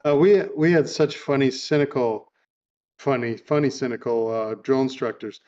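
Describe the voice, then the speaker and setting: Man, podcast host, amused storyteller, mid pitch, muffled lo-fi audio. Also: fairly even intonation, moderate pace, dark tone. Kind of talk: casual chat, retelling a film.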